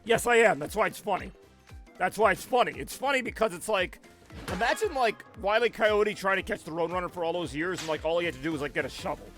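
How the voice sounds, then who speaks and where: A man chats into his headset during a home live stream, his voice sitting high. He rambles in an animated way, and everything he says comes out sounding a little angry even when he is happy. Faint music plays underneath. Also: quick pace. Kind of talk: casual live-stream chat.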